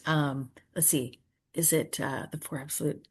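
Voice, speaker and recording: A woman speaking at a recovery meeting, earnest and prayerful, often trailing off softly and pausing to search for words. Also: low voice, steady tone, husky. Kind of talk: personal share and Q&A answer.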